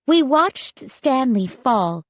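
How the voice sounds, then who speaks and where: A woman narrating a spooky children's audiobook in a measured, suspenseful reading. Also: sits high, sing-song, no room sound. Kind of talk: scripted horror narration.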